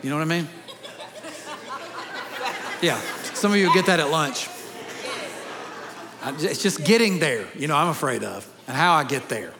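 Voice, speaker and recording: A man's voice: fairly high pitch, lively intonation, moderate pace, long pauses, in a large hall, crowd noise, noisy background. A man preaching a sermon to a congregation, with a conversational manner and joking asides. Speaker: pastor. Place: large church hall.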